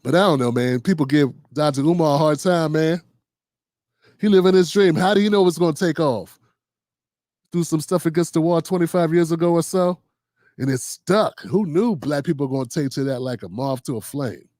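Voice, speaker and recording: A middle-aged man hosts a loose political commentary stream, riffing in slang and slipping into quoted voices. His voice sits high for a man. The sound is dry and close to the mic, with no room around it. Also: moderate pace, a little mellow, no echo. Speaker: host. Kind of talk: casual political commentary livestream.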